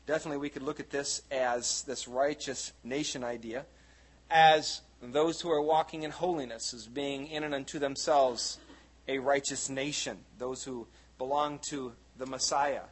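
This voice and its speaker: A man preaching a sermon to his congregation in a folksy, conversational way, with many fillers and asides. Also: medium pitch. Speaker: pastor. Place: church hall before a congregation.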